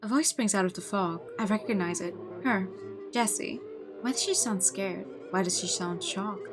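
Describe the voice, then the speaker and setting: A woman's voice: mid-range voice, moderate pace, music in the background. A young woman streamer who reads a visual novel aloud, with rambling, stammering asides in between.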